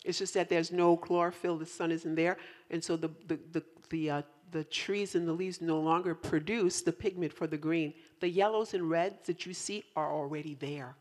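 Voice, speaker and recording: A woman pastor preaching a sermon to her congregation, animated and teasing, rising to loud emphatic peaks. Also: on the low side, moderate pace, few pauses. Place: church in central New York.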